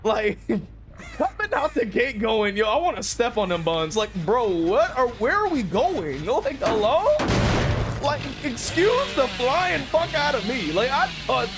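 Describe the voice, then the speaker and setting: A young man with a very high voice streams a game, speaking slowly but in a very animated way. His casual commentary is slangy and full of swearing and laughter, set against loud game music.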